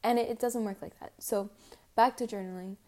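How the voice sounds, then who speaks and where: A woman's voice: on the high side, fairly even intonation, fairly quick, a little mellow. A young woman, a student, giving casual advice in a chatty, rambling way full of "like", sometimes dropping into a whisper. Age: young adult. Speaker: student vlogger. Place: abroad, six hours ahead of home.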